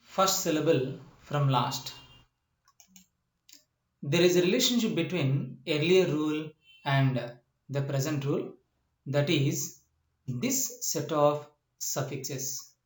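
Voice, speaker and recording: A man teaching a lesson, explaining step by step, repeating points and often asking whether the listener understands. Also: a little high. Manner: slow, repetitive explanations with frequent "uh" and checking questions. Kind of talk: classroom lecture. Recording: echoey room.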